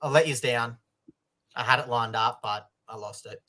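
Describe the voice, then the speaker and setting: Male co-host, bright tone, jokey banter. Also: mid-range voice. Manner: jokey, quick reactions. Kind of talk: casual comedic news chat.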